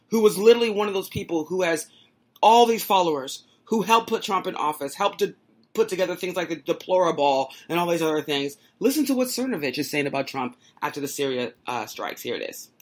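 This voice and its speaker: A woman's voice: on the low side, lively intonation, fairly quick. A woman hosting a political commentary show, talking casually and incredulously with laughing asides.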